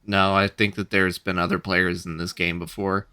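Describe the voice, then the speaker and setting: A man's voice: low voice, flat delivery, normal speed, pushed and bright, smooth. A man playing a tabletop role-playing game, musing thoughtfully. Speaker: player. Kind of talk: tabletop game play, casual chat.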